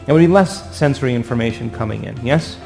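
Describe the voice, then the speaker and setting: A man giving an animated motivational talk to an audience, acting out voices and asking for agreement. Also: medium pitch, fast talker, vocal fry, faint music behind. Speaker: speaker.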